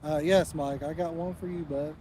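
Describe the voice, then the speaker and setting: A man hosts a live fishing stream from outdoors, chatting easily with his viewers and answering their comments. His voice sits a touch higher than most men's, with a faint hum of the outdoors behind him. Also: fairly even intonation, normal speed, dark tone, low-quality recording. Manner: chatty, talks straight to live chat viewers. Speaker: fishing channel host. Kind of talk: casual live-stream chat.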